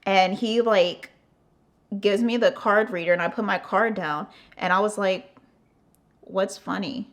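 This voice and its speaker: Young woman, vlogger, casual storytime, animated, acts out quotes, cusses a lot, medium pitch. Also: measured pace. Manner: animated, swearing, acting out quotes, frequent "like" fillers.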